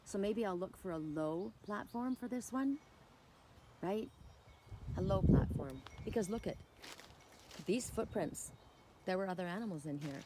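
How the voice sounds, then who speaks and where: A woman's voice: medium pitch, expressive, unhurried, long pauses. A woman reading oracle cards who talks through her yard in a rambling, heartfelt way, repeating herself as she goes, with wind chimes behind her. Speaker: oracle card reader. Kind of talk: casual spiritual vlog, showing her yard.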